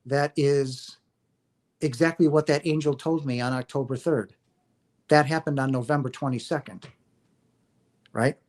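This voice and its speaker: A man's voice: a little high, husky. A middle-aged man hosting a livestream, talking casually and earnestly about spiritual experiences in a rambling, affectionate way. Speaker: livestream host.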